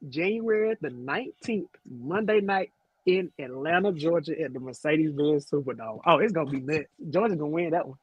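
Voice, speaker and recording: Fast husky animated panelist. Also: male voice, fairly high pitch, dry recording, highs cut off. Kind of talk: casual sports panel chat.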